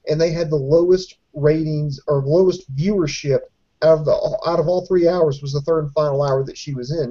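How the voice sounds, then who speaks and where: A man with a slightly high but dark, mellow voice. He gives dry, pointed commentary with sardonic asides. The podcast sound is dull and lo-fi. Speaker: podcast co-host. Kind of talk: wrestling review commentary.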